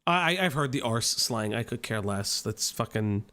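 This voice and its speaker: A man's voice: mid-range voice, expressive, brisk, few pauses, fairly bright tone. A man with an Italian American accent doing reaction commentary, profane and mocking. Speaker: commentary streamer.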